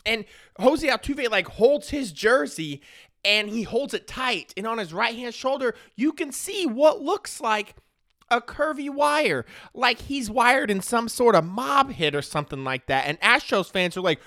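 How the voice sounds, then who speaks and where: A sports commentator launches into a casual, opinionated rant, animated and slangy and peppered with "right?" and "dude." His voice is extremely high-pitched and unhurried, captured with studio quality and no echo.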